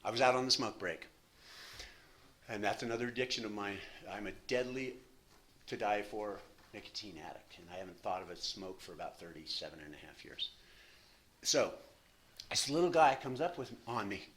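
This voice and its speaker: A man in his sixties speaking at a recovery meeting from a podium, telling his story in an animated, self-deprecating way with lots of repetition. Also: lowish voice, moderate pace, long pauses, slight background noise. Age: 60s. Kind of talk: personal recovery story talk.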